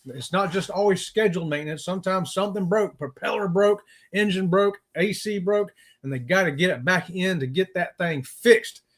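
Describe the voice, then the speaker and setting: A man's voice: sits high, moderate pace, hardly any pauses. A middle-aged man with a Southern US accent co-hosting a casual live-stream chat, joking and folksy. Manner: joking, folksy, laughs at his own puns. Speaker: co-host of a live cruise chat show.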